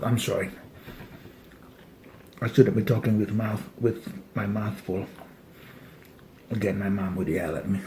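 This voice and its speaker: A man's voice: lowish voice, steady tone, measured pace, long pauses, mellow, a little hiss or hum. A man, patiently walking through a casual eating demonstration at a dining table with small jokes along the way. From Malaysia. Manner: joking, patient step-by-step instructions. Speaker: cultural etiquette instructor.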